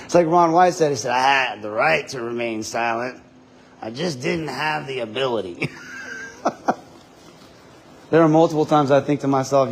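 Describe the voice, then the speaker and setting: An independent journalist livestreams from his body-worn camera inside a public building, talking casually, laughing a lot and swearing freely. His voice is medium in pitch at a normal speed with frequent pauses, and the rough recording has a little hiss or hum.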